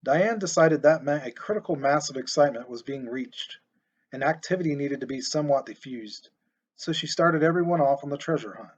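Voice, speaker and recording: A man narrates an audiobook in a steady, expressive voice that sits a little high for a man. The recording is muffled and lo-fi, with dull treble. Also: fairly quick.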